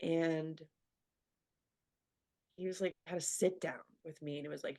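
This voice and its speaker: A woman's voice: deep voice, fairly even intonation, moderate pace, gravelly, pauses often, a little mellow. A woman speaking earnestly in a candid personal interview, talking as a radio show guest and leaning on fillers like "like.". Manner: earnest, filler-heavy, frequent "like".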